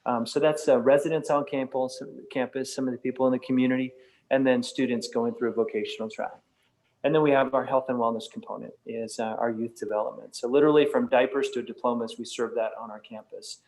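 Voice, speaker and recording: A man's voice: medium pitch, steady tone, brisk, a little mellow, poor audio. Man speaking casually to a church group. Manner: conversational, many fillers and restarts. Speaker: guest speaker from a nonprofit campus.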